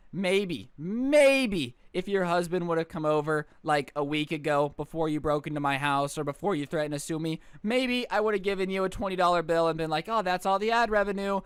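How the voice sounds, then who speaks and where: A man's voice: a little high, fairly quick, hardly any pauses, smooth, dry recording, studio quality. A man in his twenties telling a story in a casual, exasperated and sarcastic rant at his computer. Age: 20s. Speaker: storyteller vlogger.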